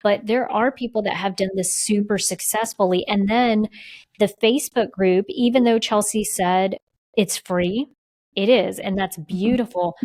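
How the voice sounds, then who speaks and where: A woman's voice: medium pitch, measured pace, darkish tone, rough recording. A woman co-hosting a podcast in a casual, conversational chat with a playful teasing side. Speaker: podcast co-host.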